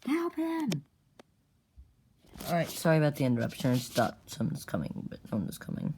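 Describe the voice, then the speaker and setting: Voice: medium pitch, very animated, very fast, vocal fry, a little mellow. Rambling casual storyteller, noisy recording. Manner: rambling, with fillers and acted character voices.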